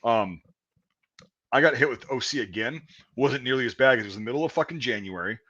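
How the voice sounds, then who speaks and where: A man's voice: mid-range voice, animated, fast talker, a bit bright. A middle-aged man chatting casually as a podcast host, swearing freely and mimicking screams when he retells stories. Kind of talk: casual profane chat. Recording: dull lo-fi sound.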